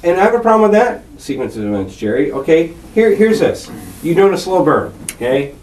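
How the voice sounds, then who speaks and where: A man with a high voice grilling a suspect in an interrogation room, swearing and pushing hard for a confession. The room is echoey and he sits well away from the recorder. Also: big pitch swings, a little fast, darkish tone, slight background noise. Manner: confrontational, swearing, accusing. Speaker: police detective interrogating a suspect. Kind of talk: police interrogation. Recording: echoey room picked up from far off.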